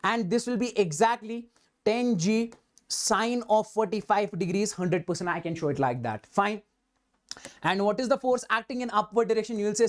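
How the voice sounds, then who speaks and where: A man's voice: sits high, a little fast. A man teaching physics in a live online exam-prep class. He asks rhetorical questions, voices the students' answers back to himself and keeps repeating emphatic affirmations.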